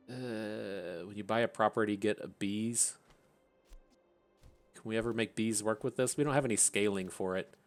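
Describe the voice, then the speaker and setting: Man, gaming channel host, casual gameplay commentary, chatty, thinking aloud, fairly low voice. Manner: chatty, thinks aloud, laughs at his own tangents.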